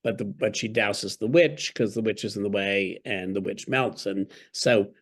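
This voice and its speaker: An author on a podcast, this man tells stories articulately and wryly in an interview, punctuated by chuckles. His voice is on the low side and his speed normal.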